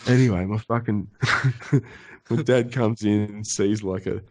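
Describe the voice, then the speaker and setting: A man co-hosting a podcast, telling a long story in a loose, casual chat. His delivery is animated and full of swearing. He slips into voices for the people he is describing. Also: on the low side, measured pace. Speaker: podcast co-host.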